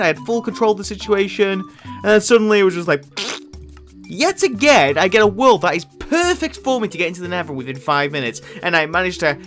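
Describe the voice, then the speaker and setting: A man talks through his gameplay as a YouTuber in casual, self-mocking commentary. His pitch swings widely, rising and falling in an animated way. He is excitable and breaks into loud outbursts. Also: normal speed, faint music behind. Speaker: gaming YouTuber.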